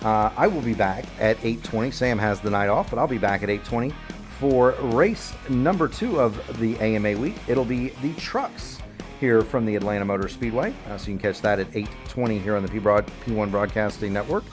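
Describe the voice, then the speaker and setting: A man's voice: lowish voice, animated, fairly quick, over music. Folksy man hosting a sim race broadcast. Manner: folksy, rambling schedule rundown. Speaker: sim racing broadcast host. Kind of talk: broadcast commentary.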